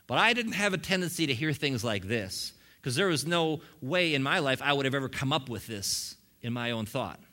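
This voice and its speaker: A middle-aged man preaching a sermon, telling his story in an animated way with humorous asides. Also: medium pitch, moderate pace, few pauses. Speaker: pastor. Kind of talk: sermon testimony.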